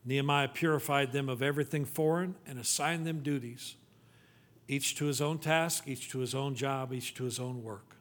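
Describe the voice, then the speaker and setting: A male pastor preaching a sermon, pleading with rhetorical questions, then dropping to a quiet, low tone for scripture readings. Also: fairly even intonation, moderate pace.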